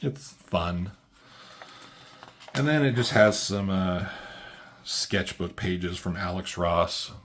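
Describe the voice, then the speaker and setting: A man's voice: deep voice, lively intonation, slow pace, pauses often, a bit bright, a little hiss or hum. A man casually recapping a comic book as a reviewer, rambling along with lots of fillers and a laid-back delivery.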